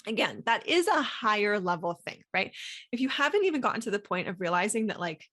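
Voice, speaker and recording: A woman's voice: mid-range voice, big pitch swings, a little fast, fairly bright tone. A woman hosting a solo coaching podcast, talking casually with many fillers and acting out inner thoughts. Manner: chatty, lots of "like" fillers, acts out inner voices.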